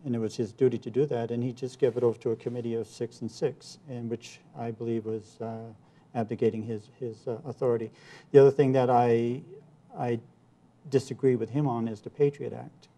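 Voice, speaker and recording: A man's voice: mid-range voice, fairly even intonation, a little fast, warm tone. A man running for office, answering interview questions earnestly with campaign points and some restarts. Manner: earnest, repeats himself, campaign talking points. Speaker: congressional candidate, guest.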